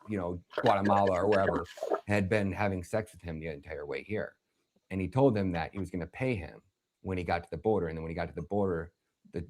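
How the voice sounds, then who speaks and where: A man hosting a livestream, delivering an angry political rant full of swearing, with sudden shouted bursts. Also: deep voice. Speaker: livestream host.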